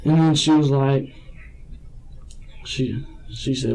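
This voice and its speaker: A man speaks in a police interview room. His voice is mellow and low-key. He rambles, hesitates and circles back over his own words. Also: fairly even intonation, moderate pace, long pauses, rough recording. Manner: rambling, hesitant, repeats himself.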